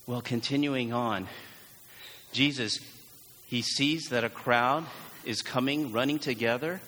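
Husky, unhurried man preaching. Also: mid-range voice, sharp tone. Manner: earnest, emphatic, leans into repeated phrases. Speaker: pastor. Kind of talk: sermon. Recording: long church hall reverb.

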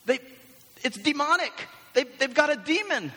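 A man's voice: extremely high pitch, lively intonation, moderate pace, bright, forceful tone, in a large hall, voice pushed up, exaggerated voice. A man voicing an exasperated churchgoer who complains about a spouse. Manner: complaining, incredulous.

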